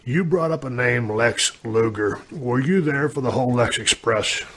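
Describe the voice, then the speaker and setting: A man's voice: medium pitch, moderate pace, a bit bright. A man hosting a podcast interview in a casual, conversational way. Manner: drawling, conversational, uses y'all. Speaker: podcast host.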